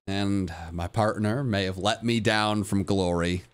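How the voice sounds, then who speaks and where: A man's voice: lowish voice, fairly even intonation, unhurried, few pauses, smooth. A young man livestreaming a game, switching between a hyped, goofy streamer voice and glum, self-mocking mutters to his chat. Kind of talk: casual livestream commentary.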